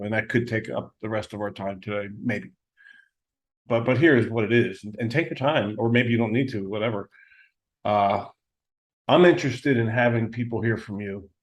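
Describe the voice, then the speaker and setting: A man's voice: fairly low pitch, fairly quick. A man hosting a podcast interview, speaking in a thoughtful, conversational way and giving short affirmations. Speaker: podcast host.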